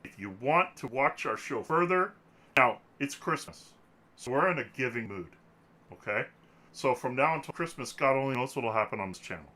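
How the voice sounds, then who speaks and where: A man's voice: medium pitch, animated, moderate pace, sharp tone. A man hosting a casual podcast, joking and rambling, laughing often, talking into a desk microphone. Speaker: podcast host.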